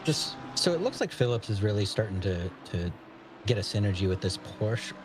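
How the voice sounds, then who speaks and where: A man's voice: lowish voice, very animated, moderate pace, noisy background. An American man co-commentating on a live sim racing stream, laid-back and analytical, laughing often. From United States.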